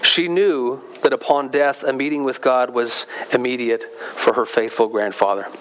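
A man preaching a sermon in a conversational way, with asides and restarts, rising in pitch and force when he stresses a point. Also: steady tone, moderate pace, a bit bright, a little hiss or hum. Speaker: pastor.

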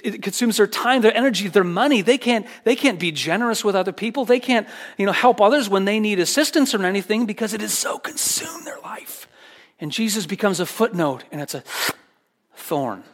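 Emphatic male pastor preaching a sermon. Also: high voice. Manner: earnest, emphatic preaching with repeated phrases.

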